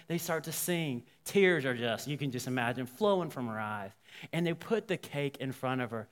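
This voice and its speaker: A man, a pastor, telling a story in a sermon, animated and voicing the people in it. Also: medium pitch, moderate pace. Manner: animated, quoting characters. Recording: long hall reverb.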